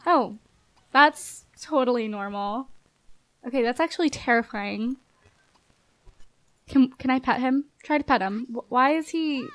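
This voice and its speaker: Bubbly high-voiced woman narrating her game. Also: measured pace, long pauses, no echo. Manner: bubbly, chatty, laughs often, talks to the characters. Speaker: gameplay commentator. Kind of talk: casual game commentary.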